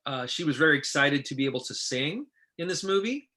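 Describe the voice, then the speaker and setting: A middle-aged man, a film director, telling casual stories in an interview and acting out what others said in lively voices. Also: a little high, brisk. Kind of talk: casual anecdotal storytelling.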